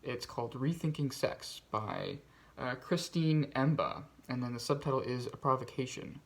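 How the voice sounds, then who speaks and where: A man's voice: medium pitch, normal speed. A man hosting a casual book video, talking through his reading pile with lots of fillers and restarts. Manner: rambling, many fillers and restarts. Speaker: BookTube host.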